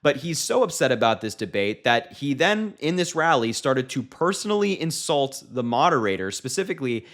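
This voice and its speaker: A man's voice: mid-range voice, very animated, moderate pace, few pauses, fairly bright tone. A man giving sarcastic, incredulous political commentary and mocking what he has just played.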